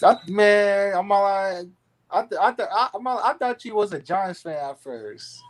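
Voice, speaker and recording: A man from California joins a casual sports chat. His voice sits a little high, and he agrees readily, restarts often and repeats his points. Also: expressive. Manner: agreeable, with quick interjections and repeats.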